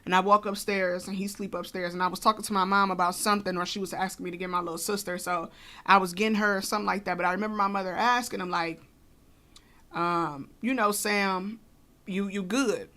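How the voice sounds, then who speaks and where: A woman's voice: mid-range voice, fairly even intonation, fast talker, pushed and bright. A woman co-hosting a podcast, telling a personal story casually with many fillers and asides. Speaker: podcast co-host.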